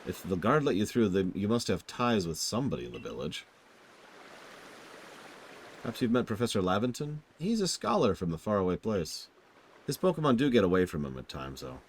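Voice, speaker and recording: Man reading a worried chatty village girl from a game, earnest, lowish voice. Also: wildly swooping pitch, a little fast, a little hiss or hum. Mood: concerned.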